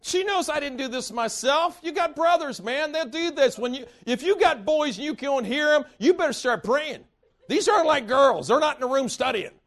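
A male preacher's church sermon is built on folksy personal stories, told with animation and occasional outbursts of laughter. He has an extremely high pitch but speaks at normal speed.

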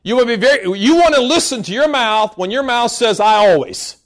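Male preacher, very high voice, emphatic, scolding sermon, bursts into shouts. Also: brisk.

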